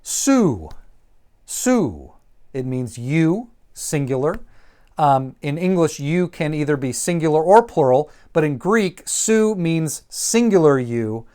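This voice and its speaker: A man teaches vocabulary in a measured, unhurried lecture. He repeats each term carefully and pauses often with ums as he explains. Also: a little high, expressive, warm tone, smooth. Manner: slow and deliberate, repeats each word, frequent ums. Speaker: Greek teacher.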